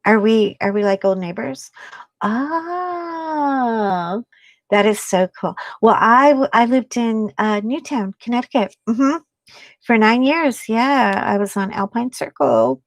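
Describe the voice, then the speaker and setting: A woman hosting a casual craft live stream, chatting excitably with viewers and breaking into gasps and "oh my God" exclamations. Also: a little high, slow pace, no echo.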